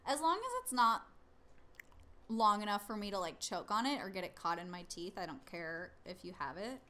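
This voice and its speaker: A woman's voice: medium pitch, animated, moderate pace, bright, forceful tone. A young woman speaking as a stream guest, blunt, frank and teasing. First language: not English. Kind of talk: casual chat.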